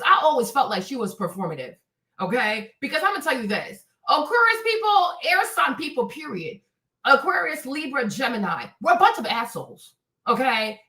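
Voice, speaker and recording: A woman's voice: high voice, sharp tone. A woman hosting an opinionated live-stream commentary, blunt and profane, who keeps checking in with her audience with "right?" and "okay?". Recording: roomy, distant mic.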